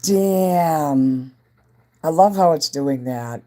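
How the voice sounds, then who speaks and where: A man's voice: mid-range voice, steady tone, moderate pace, mellow. A man, a self-styled entertainer, rambling casually on a livestream, greeting viewers by name and chatting about whatever comes to mind.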